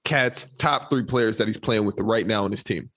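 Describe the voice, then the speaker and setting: A man's voice: lowish voice, moderate pace, a bit bright, husky. A man co-hosting a heated sports debate podcast, insistent and talking over others. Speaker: podcast co-host.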